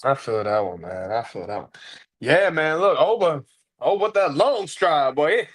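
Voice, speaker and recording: A man's voice: a little high, big pitch swings, moderate pace. A man co-hosting a wrestling review podcast, hyped and playful, repeating phrases for emphasis. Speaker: podcast co-host. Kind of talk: casual wrestling review chat.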